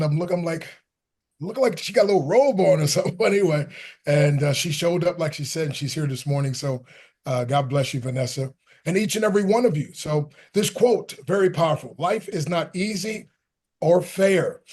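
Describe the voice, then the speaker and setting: A man speaks on a motivational panel in a preacherly way. His voice is slightly high for a man, and he drives his points home through repetition. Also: darkish tone.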